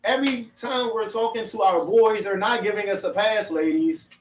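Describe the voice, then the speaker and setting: A man with a high, light voice leads a casual group conversation, laughing easily and pressing his points with emphasis. He sits back from the microphone, so the room rings around him. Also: normal speed, distant mic, slight background noise. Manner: laughs often, animated and emphatic. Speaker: discussion host. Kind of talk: group discussion. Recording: roomy sound from off-mic.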